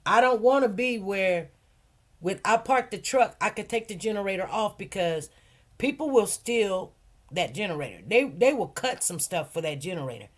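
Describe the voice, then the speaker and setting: A woman hosting a casual livestream, chatty and rambling, repeating phrases and talking in relaxed informal grammar. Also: medium pitch, moderate pace. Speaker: livestream host and food truck owner.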